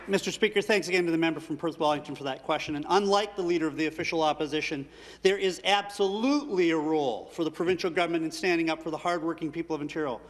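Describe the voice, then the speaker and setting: Male minister, quick prepared answers, higher voice, echoing hall. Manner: rapid formal speechmaking. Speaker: associate minister of energy. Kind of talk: parliamentary answer. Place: legislative chamber. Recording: reverberant legislative chamber.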